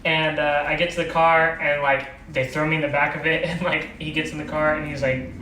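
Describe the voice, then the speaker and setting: A man's voice: fairly high pitch, level tone, a little fast, pushed and bright. A young man casually telling a drunk story on a podcast, rambling and swearing with laughs. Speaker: podcast co-host. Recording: echoey room, mic at a distance, faint background noise.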